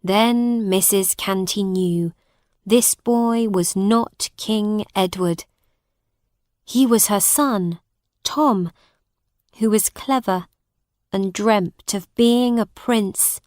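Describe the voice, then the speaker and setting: Woman narrator for a learners' audiobook: very slow, clear and dry, close-miked. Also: mid-range voice, no echo. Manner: deliberate, expressive reading with acted voices.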